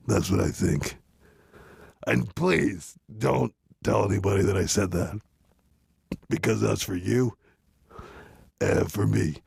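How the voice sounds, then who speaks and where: A man giving a rambling, deadpan comic monologue full of restarts and asides, close to the mic. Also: on the low side, slow pace, vocal fry, pauses often, husky, no echo. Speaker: comedian doing a parody reading.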